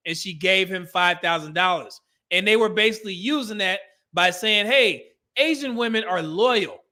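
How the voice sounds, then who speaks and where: A man's voice: high voice, pushed and bright. A man hosting a show, giving blunt, emphatic, opinionated commentary. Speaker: show host.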